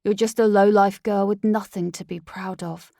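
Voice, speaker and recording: A woman voicing a cold, dismissive young male werewolf heir in an audiobook, with a slightly creaky voice. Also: mid-range voice, fairly even intonation, normal speed, mellow, no echo, studio quality, close to an everyday voice. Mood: scornful. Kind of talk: audiobook character voice.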